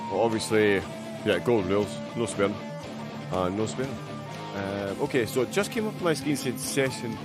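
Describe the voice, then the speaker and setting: Over loud music, a man commentates a live sim racing event, chatting, joking, and bantering with a guest between race updates. His voice is fairly low and a little fast.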